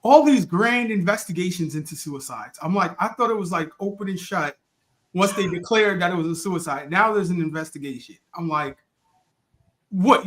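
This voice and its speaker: A man's voice: high voice, fairly bright tone. A man joking wryly in a casual TV review chat.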